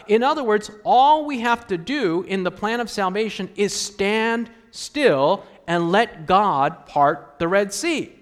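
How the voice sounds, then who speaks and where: Man, pastor, sermon, high-pitched, rhetorical questions, echoing hall. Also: lively intonation, unhurried, few pauses. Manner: conversational preaching with rhetorical questions to the congregation.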